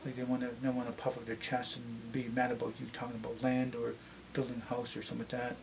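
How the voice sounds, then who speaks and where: A middle-aged man with a Canadian accent and a slightly deep voice, chatting casually to camera and rambling with many restarts. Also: completely flat delivery, fast, vocal fry, darkish tone. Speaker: vlogger.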